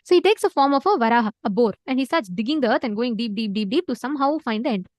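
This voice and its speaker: High-voiced woman telling a story in an online class. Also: fast, no echo. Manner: animated storytelling with filler words; repeats words for emphasis. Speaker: spiritual teacher.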